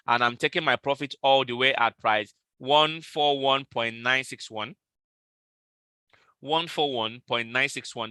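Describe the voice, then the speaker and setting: A man hosting a live trading stream, repeating his trade calls and price levels slowly and talking straight to his viewers. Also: mid-range voice, bright, forceful tone, clear, resonant tone, no echo. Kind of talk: live market analysis stream.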